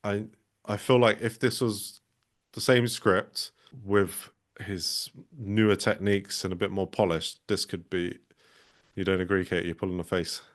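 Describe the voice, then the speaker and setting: A man's voice: sits low, steady tone, a little slow. A man co-hosting a casual film podcast, hesitant and thinking aloud as he talks. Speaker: podcast co-host.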